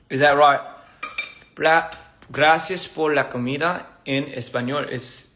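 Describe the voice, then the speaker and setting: A man talks into his phone on a casual livestream during a meal, stopping and restarting and laughing at his own fumbles. His voice sounds bright and forward. Faint background noise sits under his speech. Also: mid-range voice, fairly even intonation. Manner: halting, repeats words, laughs at own slips. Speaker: livestream host. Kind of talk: casual livestream chat while eating. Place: indoors at a meal table.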